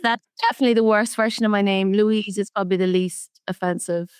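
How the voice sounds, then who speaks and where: An Irish woman speaking as a podcast guest, telling animated stories and laughing often. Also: mid-range voice, fast, clean tone, no room sound, clean studio sound. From Ireland. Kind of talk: casual conversational interview.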